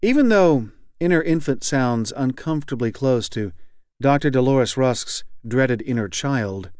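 A man reading a novel aloud as audiobook narrator, in a measured, wry, even delivery. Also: mid-range voice, clean tone, no room sound, studio quality.

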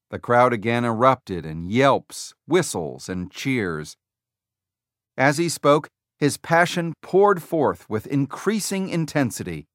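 A man reading a nonfiction book aloud in scripted narration, with a measured, even storytelling delivery. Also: mid-range voice, dry recording, studio quality. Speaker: audiobook narrator.

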